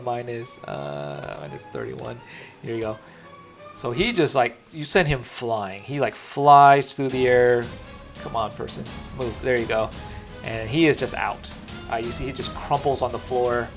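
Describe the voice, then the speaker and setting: Gravelly guy running a d&d fight, music in the background, keeps fumbling with the software. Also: medium pitch, lively intonation, unhurried. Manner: narrates combat, fumbles with software. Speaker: dungeon master. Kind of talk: running a tabletop game online.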